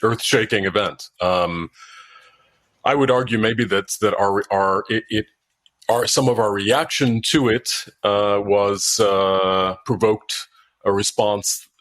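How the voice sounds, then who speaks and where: A man giving halting interview answers as an author and former diplomat, full of fillers and restarts. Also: lowish voice, fairly bright tone, no room sound. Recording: dry sound, breaking up at times.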